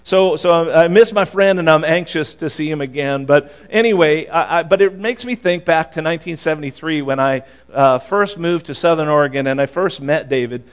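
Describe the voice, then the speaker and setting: Older pastor, higher voice, rambling story. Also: male voice, clear, resonant tone. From Boston. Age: 60s. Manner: personal storytelling, halting restarts. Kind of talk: conversational sermon.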